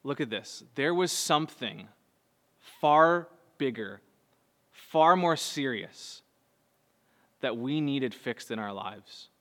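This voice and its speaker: A man, preaching a sermon earnestly, moving between soft low passages and raised, urgent bursts. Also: expressive, slow, long pauses. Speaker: pastor. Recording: long hall reverb.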